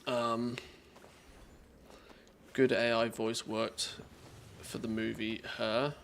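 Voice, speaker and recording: A man's voice: mid-range voice, little pitch movement, very slow, creaky, fairly bright tone, slight background noise. A man streaming live, talking casually and rambling, restarting his thoughts mid-sentence.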